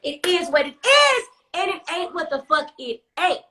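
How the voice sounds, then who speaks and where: Young woman storyteller on a phone live stream: high, bright, sassy, profane, emphatic. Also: moderate pace. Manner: animated, sassy, heavy cursing, emphatic repetition. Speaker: storyteller host.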